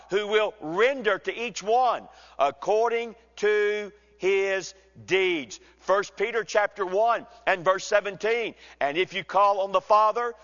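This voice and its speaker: A man preaching an expository sermon, measured and emphatic, slowing down to read scripture. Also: high voice, a bit bright. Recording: dull sound with long hall reverb.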